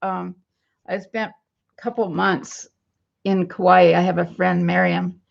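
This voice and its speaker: A woman talks slowly into a computer webcam at home, her voice heavily gravelly. She rambles in a downcast way and reads out viewer comments. The audio is husky and comes through dull and lo-fi. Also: lowish voice, level tone. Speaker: vlogger. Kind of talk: casual home vlog. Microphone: computer webcam mic.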